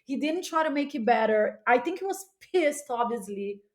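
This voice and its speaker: A woman guest on a podcast telling a candid, animated story, often laughing and repeating words for emphasis. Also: sits high, moderate pace.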